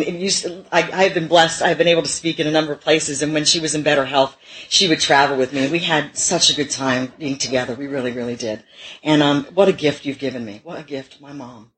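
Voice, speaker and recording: A woman's voice: sits low, fairly bright tone, low-quality recording. A middle-aged woman giving a personal testimony at a recovery meeting, candid and self-mocking, with frequent laughs.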